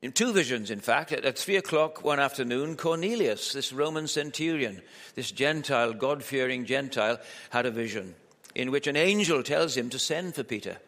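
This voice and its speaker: A man's voice: medium pitch, expressive, moderate pace, few pauses, fairly bright tone. A man preaching a sermon at a church camp in a conversational, joking way, asking his listeners lots of rhetorical questions. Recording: echoey hall with long reverb.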